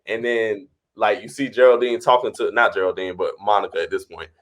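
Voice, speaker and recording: Low-voiced man chatting on a podcast. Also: steady tone, fairly quick. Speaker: podcast co-host. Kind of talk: casual recap chat.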